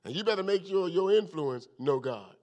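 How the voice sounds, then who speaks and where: A man pastor teaching a midweek Bible study, an animated preaching manner that swings from loud bursts to low asides. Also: normal speed.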